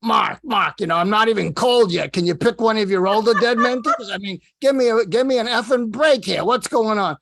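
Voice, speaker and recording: A man's voice: high-pitched, fairly quick, vocal fry, few pauses, a bit bright, dry recording, pitched above the performer's own voice. A man doing an exasperated old Brooklyn man. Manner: exasperated, needling, repeats name. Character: gruff older man, impatient and teasing.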